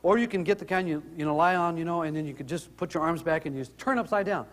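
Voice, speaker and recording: High-voiced man telling funny stories. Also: fast, big-room sound. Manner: animated, rises in pitch when excited. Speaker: speaker telling family stories. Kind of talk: humorous storytelling talk.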